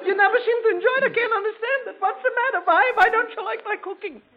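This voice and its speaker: A shrill, teary middle-aged wife, as a male comedian puts her on, fretting and fussing in a 1940s radio joke. The voice sits very high and comes through an old, tinny broadcast line. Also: quick pace, some chatter behind, a little hiss or hum. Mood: fretful.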